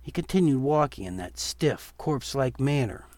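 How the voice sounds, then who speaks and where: A man reading a Halloween horror story aloud in a steady, measured storytelling voice. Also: mid-range voice, no echo. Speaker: narrator. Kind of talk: storytelling narration.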